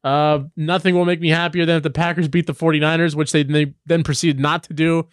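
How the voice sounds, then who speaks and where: A young man with a slightly high voice rambles through sports stories, full of fillers and sudden excited jumps in pitch. His close, dry mic leaves no room sound at all. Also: fairly quick, clear, resonant tone, no echo. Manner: animated, rambling storytelling with many fillers. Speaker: podcast co-host. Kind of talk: casual sports chat.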